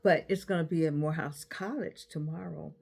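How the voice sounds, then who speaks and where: A woman in her eighties talking casually to camera, giving advice with animated repeats and restarts. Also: low-pitched, brisk, gravelly, breathy edge. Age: 80s. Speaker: vlogger.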